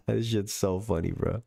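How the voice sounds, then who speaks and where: A man's voice: fairly low pitch, gravelly, a little mellow. A male podcast host in casual sports chat with his audience, laid-back and slangy, often breaking into laughter.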